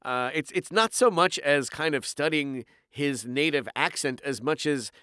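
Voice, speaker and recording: Speaking a little slowly in a smooth, fairly high voice, the man from Canada recounts his recording-booth adventures with animation, dropping into impressions during a casual interview where he is the voice-actor guest. The audio is dry, studio-quality.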